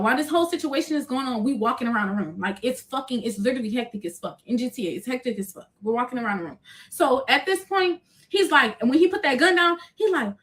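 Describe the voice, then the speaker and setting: A young woman telling a chaotic personal story to viewers, cursing freely and acting out what was said. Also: high-pitched. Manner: profane, animated retelling, acting out quotes.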